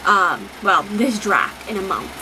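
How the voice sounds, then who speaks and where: A woman's voice: mid-range voice, big pitch swings, a little slow, background noise. A young woman vlogging casually, rambling with many fillers and free swearing. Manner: emotional, near tears. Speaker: book vlogger. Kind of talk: casual vlog talk.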